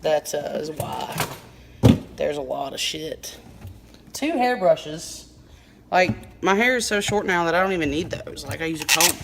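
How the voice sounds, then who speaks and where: A woman's voice: low-pitched, animated, a little slow, creaky, heavy background noise. A young adult woman vlogging in a casual, profane, slangy way, filmed on a handheld phone outdoors by her car. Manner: laid-back, profane, slangy. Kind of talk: casual vlog chat.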